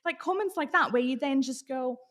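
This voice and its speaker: A woman's voice: high-pitched, a little fast, fairly bright tone. A woman from Austria with an accent that is hard to place, talking openly as an interview guest and laughing often. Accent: British English blended, hard to place. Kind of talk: casual interview chat.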